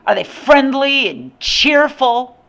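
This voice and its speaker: A woman voicing a grumpy, sour old man in a storybook reading, talking in a gruff, contrary way. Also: sits high, big pitch swings, slow pace, a bit bright, pitched above the performer's own voice, exaggerated voice.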